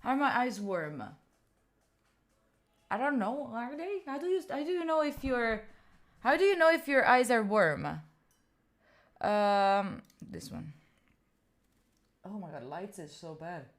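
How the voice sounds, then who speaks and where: A woman's voice: fairly high pitch, animated, slow, long pauses. A woman, a live streamer chatting casually with her viewers and thinking aloud while she sets up. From Italy. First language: Italian. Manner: chatty, thinks aloud, talks straight to chat.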